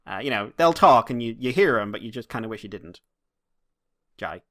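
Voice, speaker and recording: A man's voice: medium pitch, lively intonation, brisk, fairly bright tone. An Irish man co-hosting a casual podcast chat. He rambles and rants, with plenty of swearing dropped in along the way. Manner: rambling, ranting, swears freely. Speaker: podcast co-host.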